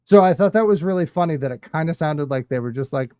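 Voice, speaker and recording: A playful man hosts a casual film panel, his voice fairly high and very lively in pitch. The sound is dry and a bit dull, like a lo-fi stream. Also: fast talker, hardly any pauses, smooth, dry recording. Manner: playful, laughs often, breaks into silly voices. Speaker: podcast host. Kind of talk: casual panel chat with movie trivia.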